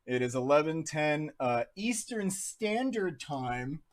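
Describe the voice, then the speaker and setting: A man's voice: fairly high pitch, big pitch swings, takes it slowly. A man in his thirties from New Jersey, casually talking through charts on a live stream in a chatty, jokey way. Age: 30s. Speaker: crypto livestream host.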